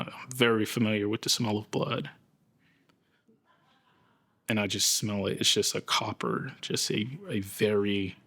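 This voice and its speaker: Slow, halting man with a low voice. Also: fairly bright tone. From United States. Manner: slow, halting, searching for words. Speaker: interviewee recounting a psychosis episode. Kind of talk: documentary interview.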